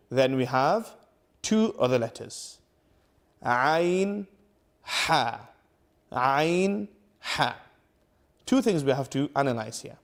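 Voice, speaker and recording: Man, quran teacher, a little high-pitched, patient, repeats each sound slowly. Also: darkish tone. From United Kingdom. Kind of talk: tajweed lesson to camera.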